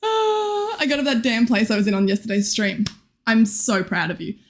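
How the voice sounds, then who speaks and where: A woman's voice: on the high side, animated, moderate pace, a little hiss or hum. A young woman streaming live, chatting casually and greeting viewers, giggly and scattered, her voice a little worn. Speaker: Twitch streamer.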